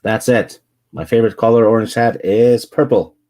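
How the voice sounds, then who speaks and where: Low-voiced guy cohosting a stream, chill, dry jokes. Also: steady tone, moderate pace, dark tone. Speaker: co-host of a live stream. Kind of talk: casual live-stream chat.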